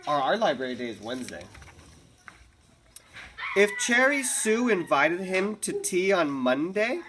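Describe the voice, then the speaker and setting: A woman teacher reads a picture book aloud to her class, her voice low but very lively in its rise and fall. She takes her time, stopping for chatty asides. A faint hum of the classroom sits behind her. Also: a little slow. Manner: chatty asides, laughs easily.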